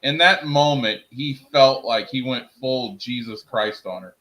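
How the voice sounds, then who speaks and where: A man co-hosting a casual movie chat, talking in an eager, excitable way. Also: mid-range voice, measured pace. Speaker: podcast co-host.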